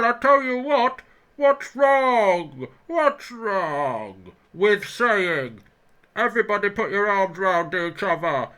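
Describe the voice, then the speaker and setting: A man putting on the voice of an angry, swearing male football captain, shouting and blustering. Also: high-pitched, voice pushed up, exaggerated voice, rough recording.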